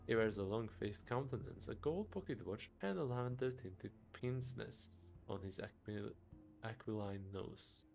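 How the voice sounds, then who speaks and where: A man's voice: on the low side, expressive, normal speed, gravelly, darkish tone, faint music behind. A man streaming a game, reading its text aloud with chuckling asides and frequent stumbles.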